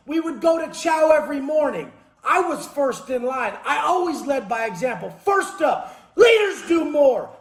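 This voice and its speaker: A man delivering a profane motivational monologue. He speaks intensely and forcefully, swears constantly and bursts into shouts. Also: extremely high pitch. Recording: echoey room.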